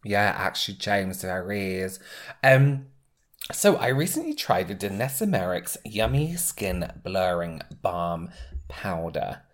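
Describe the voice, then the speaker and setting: A man's voice: low voice, very animated, takes it slowly. A man co-hosting a podcast, joking and chatty, trailing off with fillers as he describes products. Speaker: podcast co-host. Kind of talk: casual chat.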